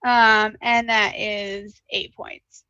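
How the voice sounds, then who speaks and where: A woman playing a tabletop game, speaking hesitantly with many pauses and ums. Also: medium pitch, little pitch movement, pushed and bright, muffled recording. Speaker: player.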